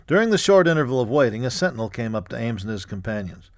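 A man reading a history audiobook in a measured, even storytelling manner. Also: mid-range voice, no echo, studio quality. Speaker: narrator. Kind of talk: scripted audiobook narration.

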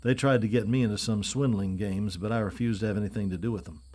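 A man reading aloud voices a foppish young city dandy, prissy and overly refined, his voice lifted a little higher than the narration. The manner is affected and airy, from an audiobook. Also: fairly even intonation, quick pace, warm tone, lightly acted. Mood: chatty.

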